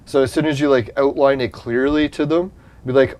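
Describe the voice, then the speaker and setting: A man's voice: medium pitch, brisk. Rambling, foul-mouthed male streamer. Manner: rambling, profane, laughs at his own points; addresses chat viewers directly. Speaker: livestreamer chatting with viewers. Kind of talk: casual livestream chat.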